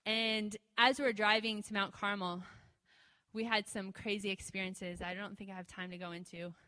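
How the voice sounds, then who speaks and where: A woman telling a story to an audience in a chatty, animated way, often laughing and using lots of fillers, recorded in a large hall. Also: medium pitch, moderate pace. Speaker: speaker sharing a testimony. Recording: long hall reverb.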